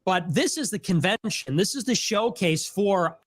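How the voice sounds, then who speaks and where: A man's voice: high voice, animated, moderate pace, dry recording, clean studio sound. A man co-hosting a live commentary stream, speaking in a blunt, offhand way. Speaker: co-host.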